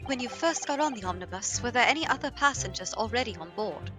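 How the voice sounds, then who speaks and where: A woman's voice: a little high, lively intonation, fast, sharp tone, faint music behind. A woman voicing an anxious young male defense lawyer in a game playthrough. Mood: wary.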